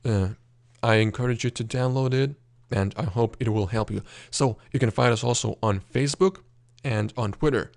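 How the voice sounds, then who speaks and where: Lithuanian guy teaching grammar, lots of uh's, clears his throat, mid pitch, dry sound. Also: normal speed, darkish tone, no echo. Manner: patient, explanatory, with frequent uh fillers and throat clearing. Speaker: language teacher. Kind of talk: explaining a text in a language lesson.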